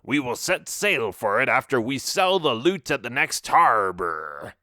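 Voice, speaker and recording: A man voicing Barlow, a gruff, bossy male pirate shipmate with a pirate accent, in a children's audiobook. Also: medium pitch, big pitch swings, a little slow, sharp tone, no echo, clean studio sound. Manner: gruff, commanding.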